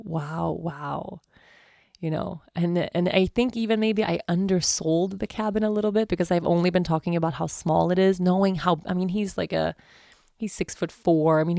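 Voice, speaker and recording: Creaky-voiced woman telling a family story. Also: lowish voice, dark tone, dry recording, studio quality. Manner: chatty and emotional, full of "like" and "I mean". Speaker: vlogger. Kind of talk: casual storytelling vlog.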